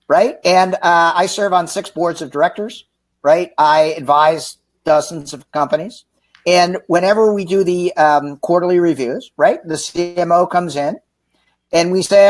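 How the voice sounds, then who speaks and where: A man telling a lively, joking story in a livestream interview, acting out the people he quotes. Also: high-pitched. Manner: animated, acts out quoted dialogue, jokey. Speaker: author and sales executive. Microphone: remote livestream call.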